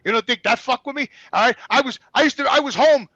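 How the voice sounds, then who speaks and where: Here an older man in his sixties, from New York and with the accent to match, speaks fast in a very high voice. He's telling blunt, profane, animated stories of his life as a talk show guest in a casual storytelling style. No echo is present, but the highs are cut off.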